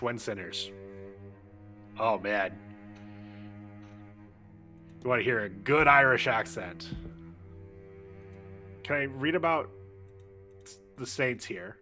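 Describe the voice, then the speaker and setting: A man's voice: mid-range voice, animated, measured pace, long pauses, pushed and bright, soft background music. A man streaming a video game, making irreverent jokes and swearing freely in casual commentary. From United States.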